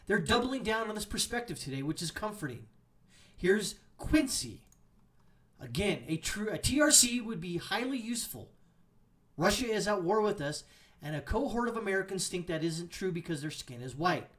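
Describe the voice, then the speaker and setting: A man's voice: sits high, fairly bright tone, distant mic. Brief: male commentary host, sarcastic angry rant, sits back from the mic. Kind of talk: ranting commentary over read-out posts.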